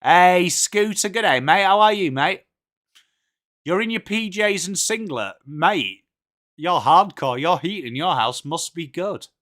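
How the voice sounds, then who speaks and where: A man's voice: high-pitched, lively intonation, slow pace, fairly bright tone. An English man hosting a casual live watchalong from home, chatting and greeting viewers by name. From England. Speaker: livestream host.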